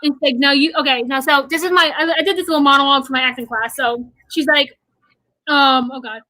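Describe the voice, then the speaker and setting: A young woman with a high, bright voice chats excitedly on a livestream, full of ums and likes. The sound is close and dry. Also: dry recording, rough recording. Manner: quick, excited recounting with many fillers. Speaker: guest, theater fan. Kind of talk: casual livestream chat.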